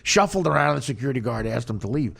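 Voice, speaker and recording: Male podcast host, gravelly and expressive, self-mocking storyteller who stammers. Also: medium pitch, very fast. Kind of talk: casual storytelling chat.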